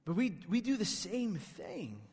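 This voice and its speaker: A man with a high voice delivers a sermon at an unhurried pace. He preaches emphatically, pressing his listeners with rhetorical questions. His voice carries a long hall reverb from a church sanctuary. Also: sing-song, darkish tone, husky. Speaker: pastor.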